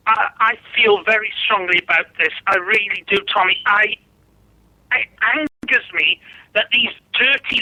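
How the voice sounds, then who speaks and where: Man, high bright voice, stammering, indignant rant, dry. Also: dry recording, low-quality recording. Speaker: caller. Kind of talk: ranting phone-in call.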